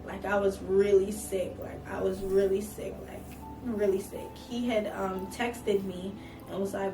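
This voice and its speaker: A young woman content creator telling a personal story, talking fast and saying "like" constantly. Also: medium pitch, over music. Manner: fast, filler-heavy, says "like" constantly. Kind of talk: emotional storytime vlog. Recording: roomy, distant mic with background noise.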